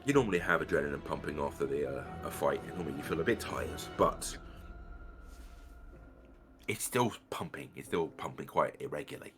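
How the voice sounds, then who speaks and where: A man's voice: very deep voice, expressive, fairly quick, a bit bright, soft background music. A man running a tabletop game as game master, narrating scenes casually with fillers and swearing.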